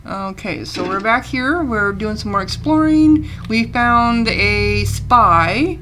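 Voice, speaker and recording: A woman's voice: a little high, expressive, takes it slowly, fairly bright tone, slight background noise. A woman casually commenting on a game she is playing, chatty and reading the game text aloud between fillers. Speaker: let's play gamer.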